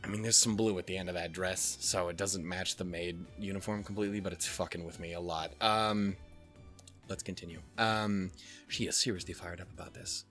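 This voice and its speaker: A man's voice: sits low, fairly even intonation, a little fast, a bit bright, faint music behind. A young man hosting a let's play, reading game text and chatting casually, rambling, swearing often and joking at his own expense. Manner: rambling, swears a lot, jokes and laughs at himself.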